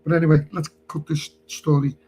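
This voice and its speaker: A man's voice: on the high side, level tone, a little fast, a little mellow, breathy edge, low-quality recording. A man telling a rambling story on a live stream, chatty and laughing as he goes.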